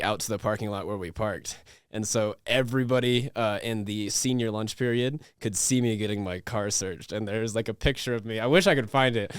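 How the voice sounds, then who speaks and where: A man's voice: medium pitch, clean tone, no echo, studio quality. Young man telling a rambling story. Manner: rambling, laughing storyteller with many restarts and fillers. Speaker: podcast host. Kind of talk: casual storytelling chat.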